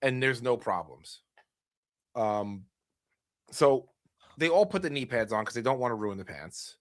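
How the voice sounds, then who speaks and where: A man's voice: medium pitch, sing-song, measured pace, no echo. A middle-aged man hosting a podcast, telling a family story in a wry, casual way with dry humor. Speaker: podcast host.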